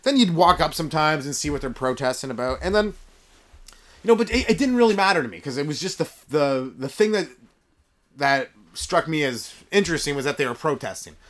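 A young man with a hoarse voice, hosting a casual comedy podcast and riffing jokes with loose fillers and restarts, recorded in a yurt. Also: a little high, a little fast. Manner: jokey, animated, lots of fillers and restarts. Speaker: podcast host and stand-up comedian. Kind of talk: casual rambling comedy monologue. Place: yurt on a rural property.

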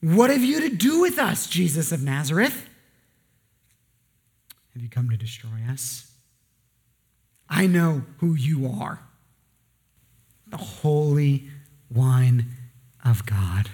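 A man acting out a menacing unclean demon in a low, drawn-out, half-whispered voice. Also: very animated, darkish tone, breathy edge, heavily acted.

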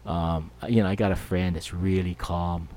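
A man's voice: sits low, fairly even intonation, moderate pace, warm tone. A middle-aged man hosting a podcast, rambling and jokey in a casual monologue. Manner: rambling, jokey, full of fillers. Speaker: podcast host.

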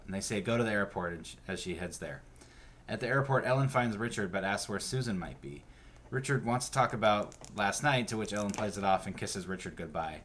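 A male podcast host recapping a TV episode in a steady narrating manner and chatting casually. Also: lowish voice, slight background noise.

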